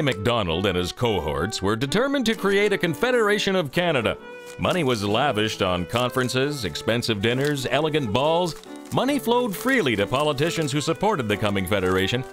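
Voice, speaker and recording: A man doing measured, ironic documentary-style narration. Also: medium pitch, very animated, over music.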